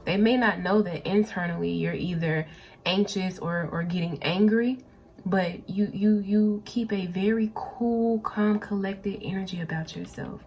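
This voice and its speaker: A woman's voice: mid-range voice, unhurried, a little mellow, a little hiss or hum. Casual woman giving a tarot reading. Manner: casual, repeats phrases, speaks directly to viewers. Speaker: tarot reader. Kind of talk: pick-a-card tarot reading.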